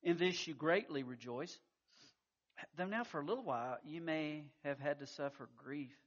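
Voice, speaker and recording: A pastor preaching a sermon, telling stories in a folksy way with frequent stammered restarts. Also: male voice, on the high side, normal speed, fairly bright tone. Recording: muffled lo-fi recording.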